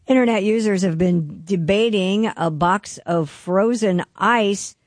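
A woman's voice: mid-range voice, no room sound. Dry-sounding female radio news reader. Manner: brisk, chatty news delivery. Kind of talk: reading a light news story. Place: radio studio.

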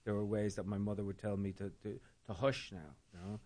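An Irish man from Dublin speaks with a fairly low voice in a thoughtful interview. He circles his points with fillers, restarts and repeated words. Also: steady tone, brisk, a little mellow. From Ireland. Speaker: guest, storytelling organizer. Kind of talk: reflective conversational interview.

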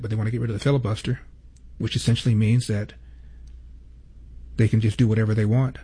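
A man hosting a commentary show, stressing key figures by slowing down. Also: lowish voice, flat delivery, warm tone, breathy edge. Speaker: host.

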